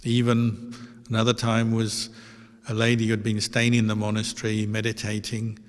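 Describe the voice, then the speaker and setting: Low-voiced monk in a reverberant hall. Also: male voice, moderate pace. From Australia. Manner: calm, gentle anecdotal telling with fillers. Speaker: Buddhist monk teacher. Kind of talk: dharma talk storytelling.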